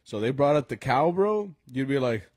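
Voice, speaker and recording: A man's voice: medium pitch, very animated, normal speed, crowd noise. A young man co-hosting a podcast, telling gig stories in a loose, laughing way, full of fillers and dropping into Spanish slang. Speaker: podcast co-host and mariachi musician. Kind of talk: casual chat at a live podcast taping.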